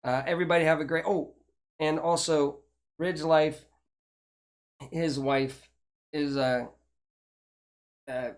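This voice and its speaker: A man's voice: fairly high pitch, steady tone, takes it slowly, long pauses. Older chatty man. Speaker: host. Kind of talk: casual chat.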